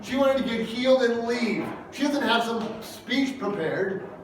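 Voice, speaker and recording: A man delivering a sermon in a relaxed, talky way, pressing his points with questions to the room. His voice sits high for a man and rings through a large church hall. He is well off the mic, with a faint hiss underneath. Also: a little slow, distant mic. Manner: conversational, emphatic, asks the congregation questions. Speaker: preacher.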